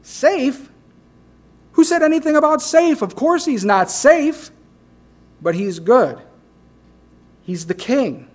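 A man's voice: extremely high pitch, expressive, slow, long pauses, voice pushed up, exaggerated voice. A man reading aloud, voicing a talking male beaver from a storybook in an emphatic, rising way. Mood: insistent.

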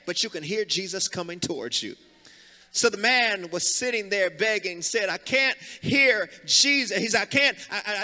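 Fervent high-voiced preacher in a reverberant hall. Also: male voice. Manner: preaching with rising fervor, sings and shouts phrases, calls on congregation to respond. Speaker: pastor. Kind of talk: sermon. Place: church sanctuary. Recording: long hall reverb from live sanctuary.

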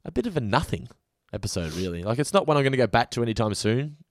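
A man's voice: medium pitch, big pitch swings, quick pace, no echo, studio quality. A man co-hosting a podcast in casual chat, rambling with frequent restarts. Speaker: podcast co-host.

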